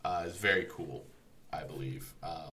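A man's voice: a bass voice, normal speed, bright, forceful tone. A man co-hosting a podcast in casual chat, rambling with many fillers and restarts. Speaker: podcast co-host.

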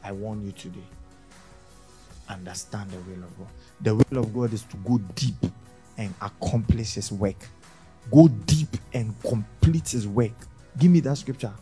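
A man preaching a sermon as pastor, swinging between loud shouts and hushed lines. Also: lowish voice, measured pace, husky, soft background music.

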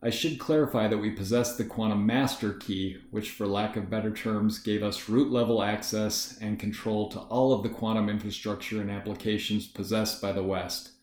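A man with a fairly low voice narrates a first-person story in a measured, matter-of-fact way. His voice rings in a roomy, echoey space. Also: steady tone, darkish tone. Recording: roomy echo.

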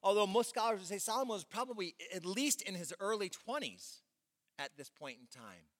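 A man's voice: high voice, sing-song, a little fast. A man preaching a sermon as pastor, talking conversationally, asking the congregation questions and acting out quoted prayers. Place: church auditorium. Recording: long church hall reverb.

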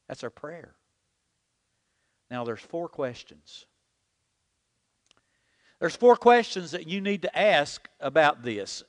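Brief: lively male preacher, slightly high voice, echoing church hall. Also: takes it slowly, pauses often. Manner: animated preaching, leads the congregation in call-and-repeat. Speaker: pastor. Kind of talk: sermon. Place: church sanctuary. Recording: long hall reverb.

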